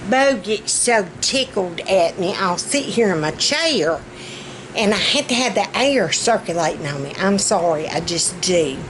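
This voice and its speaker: Southern lady rambling slow while cooking, winded, fan humming in the room. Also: mid-range voice, lively intonation. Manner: chatty, folksy, rambling. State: out of breath. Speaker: vlogger. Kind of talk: casual chat while cooking. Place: home kitchen. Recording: noisy room with fan running.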